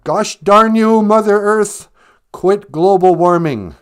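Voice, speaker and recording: Man doing a giggly female co-host, high falsetto, slow, sing-song. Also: big pitch swings, full character voice. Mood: playful.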